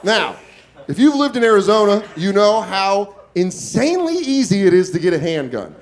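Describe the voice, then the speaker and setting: A man in his forties doing stand-up, telling a story in a loose, profane, self-mocking way with quick asides. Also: high voice, sing-song. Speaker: stand-up comedian. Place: comedy club stage. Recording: live club with loud crowd laughter.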